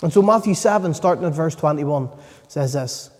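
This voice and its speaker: High-voiced man preaching in a reverberant hall. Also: animated, darkish tone. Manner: earnest, emphatic, pausing for stress. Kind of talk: sermon. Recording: long reverb of a large hall.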